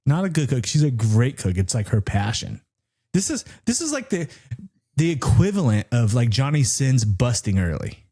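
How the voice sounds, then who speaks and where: Speaking at normal speed in a husky voice, a middle-aged man co-hosting a podcast launches into a lively, profanity-laced story. His pitch leaps up whenever he quotes other people.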